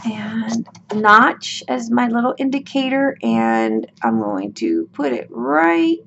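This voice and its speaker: A woman's voice: fairly high pitch, sing-song, slow pace, fairly bright tone. A woman hosting a craft tutorial, talking casually through each step with her voice worn out, chatty and folksy with lots of ums and okays. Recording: dull lo-fi with clear room noise.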